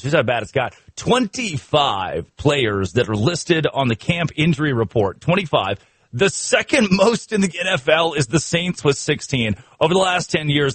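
A man's voice: fairly high pitch, a bit bright, slightly rough, no room sound. A man hosting a sports radio show, riffing in comic talk with laughter and mock outrage.

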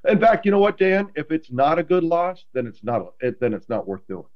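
A man, a guest in a casual interview, telling stories in an animated, self-deprecating way with many restarts. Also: on the high side, a little fast, dull audio. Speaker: guest, former quarterback.

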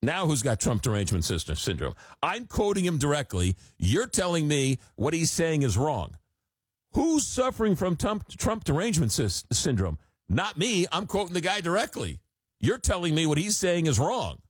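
A man hosting a call-in radio talk show, talking in an animated, exasperated way with frequent restarts. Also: a little high, moderate pace, breathy edge, no echo, clean studio sound.

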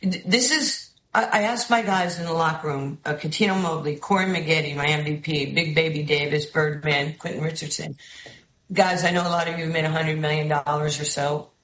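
A woman with a New York accent, a basketball head coach and guest, telling stories in a lively way and acting out the people she quotes. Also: low-pitched, fairly quick, reverberant, highs cut off. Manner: lively storyteller who acts out quoted voices. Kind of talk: animated storytelling interview.

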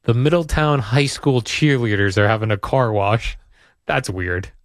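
A man's voice: a little slow, no room sound, clean studio sound. Rambling, joking male radio co-host. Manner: joking, rambling, pitch jumps up when excited. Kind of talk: casual radio banter. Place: radio studio.

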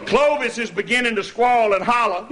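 A man spins a folk tall tale, animated and laughing, his high voice swinging all over. There is steady noise and clicking in the recording. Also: a little slow. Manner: animated, laughing, breaks into hollers. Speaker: storyteller.

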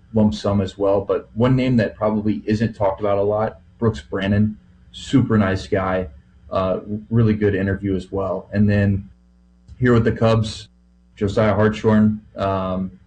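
A man's voice: on the low side, darkish tone, slight background noise, rough recording. A man who broadcasts baseball, telling stories in a rambling, easygoing way full of fillers on a casual podcast. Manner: rambling, filler-heavy storytelling.

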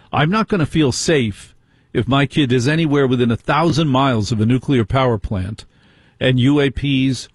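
A middle-aged man hosts a call-in talk radio show, delivering a monologue in a husky, medium-pitched voice. He sounds indignant and keeps throwing rhetorical questions at his audience. The recording is dry and close-miked with no room sound.

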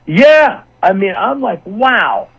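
A man who does voice work, chatting on a radio show in a rambling, animated way. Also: high-pitched, slow, husky, highs cut off. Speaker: voice actor guest. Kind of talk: casual radio chat.

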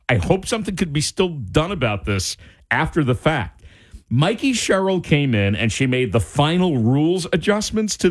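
A middle-aged man hosting a talk radio show, ranting in an exasperated, casual monologue. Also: fairly high pitch.

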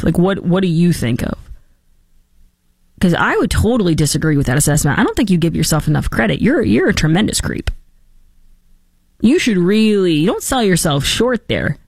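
A woman's voice: medium pitch, a little mellow, dry recording. A woman hosting a political talk show, giving opinionated commentary with sarcastic, mocking asides.

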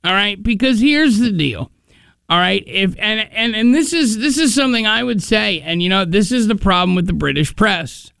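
A man's voice: sits high, lively intonation, moderate pace, gravelly, a bit bright, clean tone, no room sound. A man co-hosting a casual comedy chat show, ranting in mock outrage and repeating himself. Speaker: co-host.

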